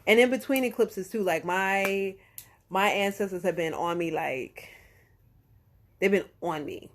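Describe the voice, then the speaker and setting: A woman's voice: mid-range voice, measured pace, a little hiss or hum. A woman talks casually as a tarot reader on a live stream. Her delivery is loose and slangy, with a curse here and there. She keeps checking in with "okay?" and "right?" and corrects herself as she goes.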